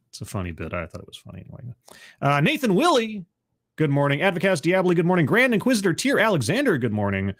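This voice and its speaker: Chatty sardonic male stream host. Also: a little high. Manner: chatty, sardonic, greets chat by name. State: voice not fully warmed up. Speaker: livestream host. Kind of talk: casual livestream commentary.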